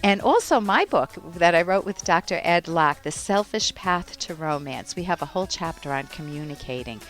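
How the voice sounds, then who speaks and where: Calm woman psychologist giving advice. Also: on the low side, moderate pace, faint music behind. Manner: calm, instructive, gently explaining. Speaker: radio psychologist host. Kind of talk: advice radio talk.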